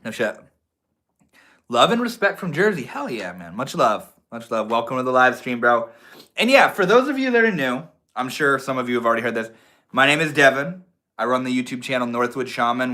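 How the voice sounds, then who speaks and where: A man's voice: mid-range voice, expressive, moderate pace, bright, forceful tone. A man from Maine hosting a casual livestream, reading and answering chat comments in a laid-back, slangy way, calling viewers homie and bro. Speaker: livestream host.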